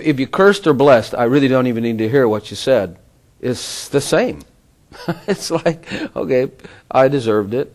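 A middle-aged man giving an informal sermon, rambling with conversational asides and frequent chuckles. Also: medium pitch. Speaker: preacher.

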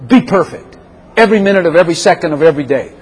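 A man preaching a lively sermon with a slightly high, husky voice. He acts out quick back-and-forth exchanges and jumps up in pitch for the other voices. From Chicago. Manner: animated, acts out little dialogues in raised voice.

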